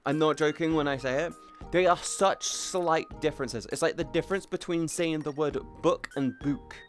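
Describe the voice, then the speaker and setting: A man's voice: on the high side, normal speed, faint music behind. A young man from near Bristol, chatting casually on a livestream and often breaking off mid-sentence to restart. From England, near Bristol. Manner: rambling, self-interrupting, chatty. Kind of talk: casual stream chat.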